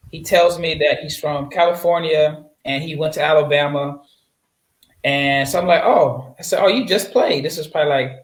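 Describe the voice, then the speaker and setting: A man from Nebraska, a guest draft analyst, telling a long story in casual interview chat with lots of fillers and restarts. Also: fairly high pitch. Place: home setup, away from his usual mic. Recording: roomy echoey sound.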